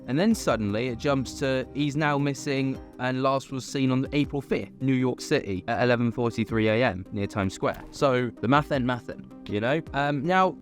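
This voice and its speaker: A man chats through a commentary vlog in a casual, skeptical way, leaning on fillers as he goes. His voice sits at an ordinary middle pitch, with soft music faintly underneath. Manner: chatty and skeptical, many fillers. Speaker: host. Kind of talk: casual commentary on online videos.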